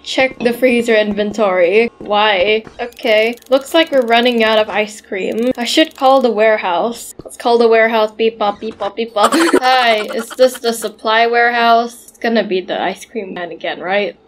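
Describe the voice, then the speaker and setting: Giggly chatty woman playing a game, high voice, fun commentary. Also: moderate pace, hardly any pauses, slight background noise. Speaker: gamer.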